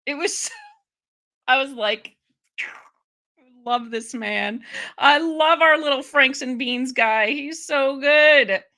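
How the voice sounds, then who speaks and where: A woman's voice: sits high, slow. A young woman from Ohio giving chatty, laughing live commentary on a hearing. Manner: chatty, laughing, animated asides. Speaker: political commentary streamer.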